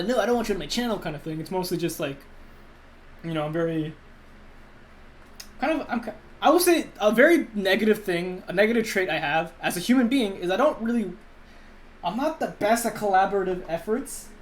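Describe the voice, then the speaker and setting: Young male animator chatting with his stream, lively and rambling. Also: high-pitched, moderate pace, pauses often. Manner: rambling, many restarts, talks to chat. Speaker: YouTube animator and voice actor. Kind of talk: casual live-stream chat.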